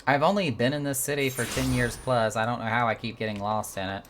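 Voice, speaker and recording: A man's voice: mid-range voice, fairly even intonation, a little fast, fairly bright tone, a little hiss or hum. A man streaming a video game, chatting and reading quest dialogue aloud, rambling with hesitations and self-corrections.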